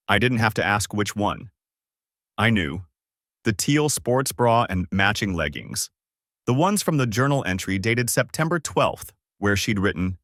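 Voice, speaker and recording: A man reading a first-person story aloud in measured, scripted narration. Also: fairly low pitch, lively intonation, a bit bright, dry recording, clean studio sound.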